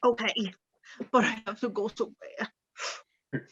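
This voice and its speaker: A woman's voice: on the high side, fairly even intonation, takes it slowly, a little hiss or hum. A woman playing a tabletop game, eager and chatty. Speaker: player. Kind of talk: casual tabletop game play. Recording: dull lo-fi recording.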